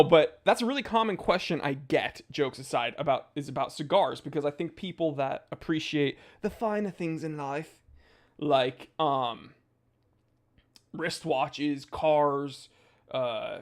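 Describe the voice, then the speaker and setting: Hyper joking young man on a livestream. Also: a little high. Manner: goofy, hyper, jokey with sudden loud outbursts. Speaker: watch channel host. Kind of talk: casual livestream chat reading viewer comments.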